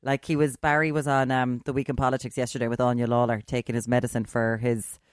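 A woman co-hosting a podcast in casual chat, animated and mocking as she acts out quotes. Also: rumbling low, fast talker, dry recording, clean studio sound. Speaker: podcast co-host.

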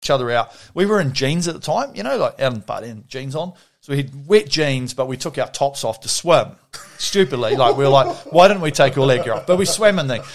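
A man with a New Zealand accent telling stories in casual chat, rambling and laughing often. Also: fairly high pitch.

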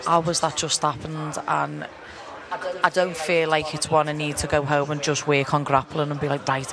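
Chatty woman amid a loud crowd. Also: low-pitched, flat delivery, moderate pace. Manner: chatty, rambling, laughs often. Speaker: guest fighter. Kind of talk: casual interview chat. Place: busy launch event venue. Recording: crowd noise at a launch event.

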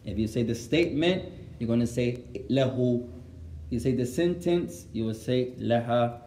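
A man teaching a class, dictating and repeating each phrase slowly so students can write it down, translating line by line. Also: mid-range voice, warm tone, roomy sound, a little hiss or hum. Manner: translates line by line, patient and instructive. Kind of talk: classroom lesson, dictating for memorisation.

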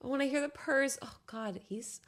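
A young woman chatting casually as a podcast guest, animated and swearing freely, sometimes dropping into soft cooing whispers. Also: sits high, moderate pace. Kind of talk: casual chat.

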